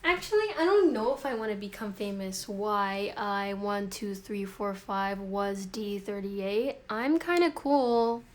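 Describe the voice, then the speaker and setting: Slow-talking young woman streaming her painting. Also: medium pitch. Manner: rambling, self-mocking, talks to herself. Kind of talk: casual live-stream chatter while painting. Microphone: phone.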